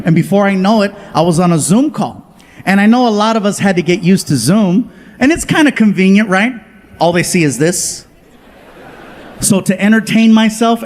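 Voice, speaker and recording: A man doing stand-up, telling stories in an animated way and jumping into quick voices for the people in them. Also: high voice. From Southern California. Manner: animated, acts out family and friends in quick voice switches. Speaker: stand-up comedian. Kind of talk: stand-up storytelling. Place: comedy stage before a live audience.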